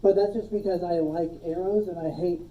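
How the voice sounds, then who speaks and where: A woman teaching a logic class, relaxed, quizzing her students and joking with them, recorded on a phone in a classroom. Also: lowish voice, fairly quick, recorded from a distance, narrow, tinny audio. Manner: relaxed, asks the class questions and jokes. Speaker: logic instructor. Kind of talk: classroom lecture. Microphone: phone streaming the class.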